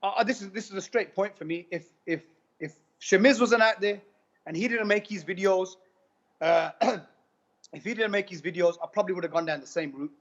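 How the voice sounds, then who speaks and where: A man tells his story in a quick, high voice, piling up retold dialogue with "I go" again and again. The recording sounds muffled and lo-fi. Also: fairly bright tone. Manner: rapid, repetitive retelling with many "I go" quotes. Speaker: guest giving a testimonial. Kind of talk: animated personal storytelling. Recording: dull lo-fi recording.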